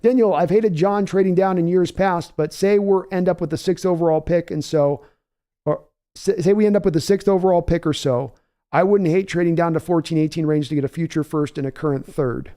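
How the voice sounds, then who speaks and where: Mellow-voiced man hosting a football stream. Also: fairly high pitch. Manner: chatty and conversational, answering viewers by name; measured, thinking-aloud analysis with restarts. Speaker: live stream host. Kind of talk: casual live-stream football talk, reading chat aloud.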